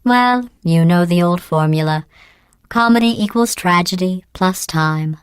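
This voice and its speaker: Actress plays deadpan female computer AI, low, smooth, calm mockery, dry booth sound. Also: a little slow, dry recording, natural voice. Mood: cold mocking. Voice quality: smooth, synthetic-edged, deadpan. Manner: dry mocking insults delivered calmly. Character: cold sarcastic female AI computer. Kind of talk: video game voice acting. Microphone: clean dry studio recording.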